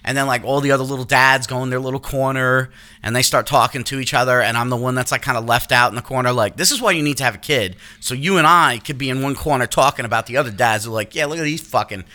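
Casual podcast host, man in his thirties, crisp bright tone, profane and animated storyteller. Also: medium pitch, fast talker. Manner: animated, profane, acts out quotes in raised voice.

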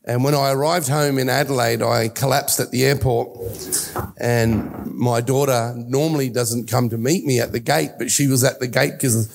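Gravelly Australian pastor in his sixties. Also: mid-range voice, steady tone, normal speed, a little hiss or hum. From Italy. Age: 60s. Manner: earnest, personal storytelling with restarts. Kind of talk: sermon.

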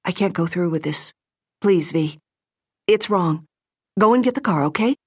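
A woman's voice: fairly low pitch, expressive, moderate pace, husky, no echo, clean studio sound. A woman voicing a distraught bride in her thirties who pleads urgently and is near tears. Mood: pleading.

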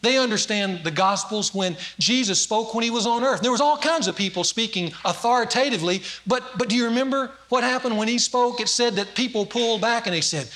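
A man's voice: very high voice, fairly quick, hardly any pauses, pushed and bright. A man preaching a sermon, telling stories with acted-out quotes and swelling, emphatic delivery.

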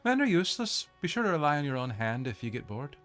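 A man's voice: a little high, big pitch swings, fast talker, a bit bright, soft background music, pitched above the performer's own voice. A man voicing a stern, impatient older woman mentor who scolds and gives curt orders.

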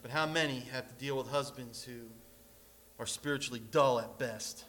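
A man preaching a sermon as pastor, animated, with sudden loud and soft passages and joking asides. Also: normal speed. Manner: animated preaching with big swings in loudness and pitch, joking asides.

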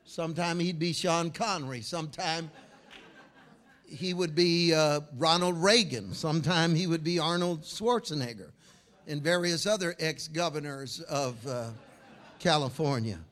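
A man preaching a fiery sermon, telling a story and swinging from shouts to hushed tones. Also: on the high side, unhurried.

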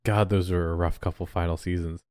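A man's voice: sits low, level tone, a little fast, a little mellow, clean tone, no room sound. A man co-hosting a TV recap podcast, chatting casually with dry, ranting asides. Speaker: podcast co-host. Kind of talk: casual chat.

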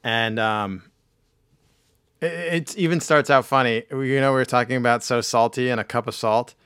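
A man with a hoarse, failing voice, casually recapping a cartoon episode with laughs and restarts. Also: mid-range voice, moderate pace, a bit bright, dry recording, studio quality. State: hoarse, losing his voice. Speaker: podcast host. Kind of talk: casual chat.

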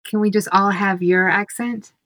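A woman hosts a podcast interview. She asks questions in an enthusiastic, chatty way. Her voice is mid-pitched and recorded dry and close. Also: fairly even intonation, moderate pace, fairly bright tone, dry recording. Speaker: podcast host.

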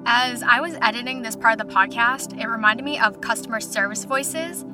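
A woman's voice: on the high side, normal speed, over music. A young woman hosting a podcast, telling stories in a chatty, casual way, full of "like" fillers. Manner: chatty, lots of "like" fillers, animated retelling. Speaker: podcast host. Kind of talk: casual storytelling monologue.

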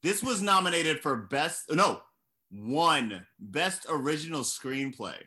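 A man's voice: fairly high pitch, very animated, takes it slowly, sharp tone. A man co-hosting a podcast, chiming in with sarcastic, profane remarks about a movie. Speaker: podcast co-host. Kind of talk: casual film critique chat.

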